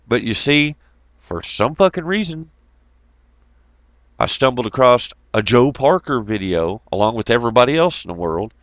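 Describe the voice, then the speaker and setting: A man's voice: medium pitch, moderate pace, no echo, highs cut off. A man rambling through a casual monologue, swearing freely and laughing as he tells stories. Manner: profane, laughing, animated storytelling.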